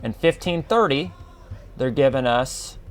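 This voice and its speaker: A man's voice: mid-range voice, animated, faint music behind. A man hosting a casual podcast monologue, reading definitions aloud and calling the listener man and bro. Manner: slow, drawn-out, addresses listener as man and bro. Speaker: podcast host.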